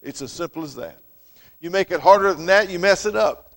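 A male preacher with a drawl delivers an earnest sermon, rising loud and then sinking to a near hush. His voice sits a little high for a man. A long reverb trails after each phrase, as in a large hall. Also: brisk. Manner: earnest preaching that swells loud and drops soft.

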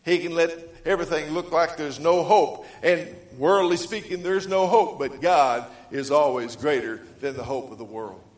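Pastor, man with a raised pitch, emphatic sermon delivery in a roomy, echoing space. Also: normal speed, few pauses. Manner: rises to loud emphatic preaching, then drops low; reads scripture aloud in old-fashioned wording.

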